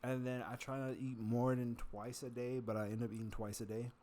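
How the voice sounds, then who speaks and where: A man's voice: medium pitch, little pitch movement, fairly quick, a little mellow, a little hiss or hum. A man vlogging while he eats, rambling casually, cursing and poking fun at himself. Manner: self-mocking, profane, chatty.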